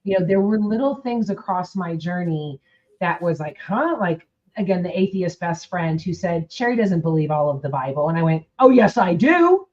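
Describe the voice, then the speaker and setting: Low-voiced woman on dull lo-fi audio. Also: normal speed, dark tone. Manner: reflective, acts out quoted dialogue. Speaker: podcast host. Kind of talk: casual conversation.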